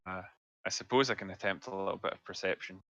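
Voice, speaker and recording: A man's voice: low-pitched, fast, fairly bright tone, muffled recording, a little hiss or hum. A man playing a tabletop game, agreeable and a little unsure. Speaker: player. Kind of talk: casual tabletop game chat.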